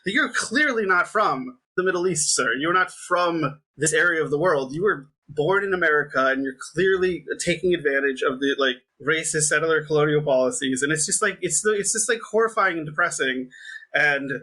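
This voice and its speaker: Husky, bright-toned young man rambling. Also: on the high side, fairly quick. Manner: rambling, heavy filler words, frustrated. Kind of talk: casual political chat.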